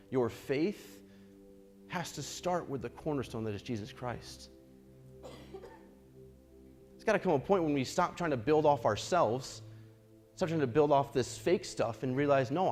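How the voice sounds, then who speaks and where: An earnest young man preaching a sermon at a middle pitch. He repeats himself as he builds, then sinks into quiet, prayerful lines. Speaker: pastor.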